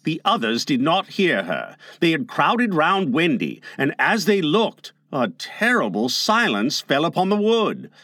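Slow, expressive male storybook narrator. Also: fairly high pitch, no room sound, studio quality. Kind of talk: audiobook reading.

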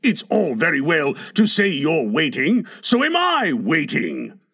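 A man's voice: a little high, huge pitch swings, a little slow, creaky, pushed and bright, breathy edge, exaggerated voice. A man voicing a pompous, self-pitying middle-aged father in a storybook reading, blustering and indignant.

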